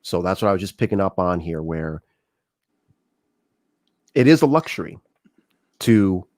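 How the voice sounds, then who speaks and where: A man's voice: on the low side, dry recording, studio quality. A middle-aged man hosting a talk show, talking casually and telling stories with acted-out dialogue. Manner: conversational, animated storytelling with acted-out dialogue. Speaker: show host.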